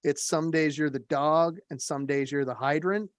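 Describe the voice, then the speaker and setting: A man's voice: a little high, steady tone, moderate pace, no echo. A man from the northern United States hosting a casual podcast, wryly reading out country sayings and bantering with co-hosts. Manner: wry, reads sayings from a phrase book. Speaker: podcast host.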